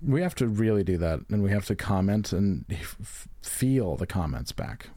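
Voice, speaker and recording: A man's voice: lowish voice, big pitch swings, moderate pace, dark tone, no echo. A man co-hosting a casual comedy podcast, laughing and swearing as he reads reviews aloud. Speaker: podcast co-host.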